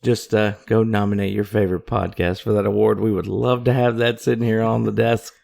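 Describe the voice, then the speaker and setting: A man with a deeply gravelly, fry-heavy voice co-hosts a relaxed podcast. He talks into a desk microphone in a loose, joking way, stretching out his plugs for the show. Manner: loose, joking, drawn-out promo talk. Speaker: podcast co-host. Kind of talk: casual podcast chat. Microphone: studio microphone at a desk.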